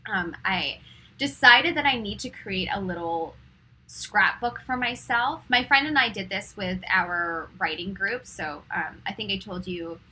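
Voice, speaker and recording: Bright, breathy young woman hosting a meditation stream. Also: mid-range voice, low-quality recording. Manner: chatty and giggly, many fillers; soft and slow when guiding meditation. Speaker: host of a live-stream meditation show. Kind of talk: casual chat, then guided meditation.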